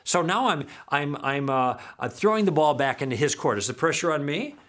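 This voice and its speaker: A man leads a recorded teaching session, working through anecdotes from his own conversations. He acts out each side of the exchange, and his voice swings widely in pitch as he goes. He keeps pulling the listeners in with quick "okay?" and "all right?" check-ins. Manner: animated storyteller who acts out dialogue and checks in with "okay?". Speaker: apologetics teacher.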